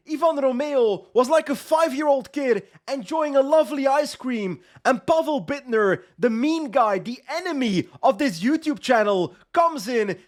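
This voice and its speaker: A young man narrates his cycling management game live. His voice sits very high for a man. He gets excitable quickly and pleads and shouts at his riders when the finish is close. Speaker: gaming YouTuber.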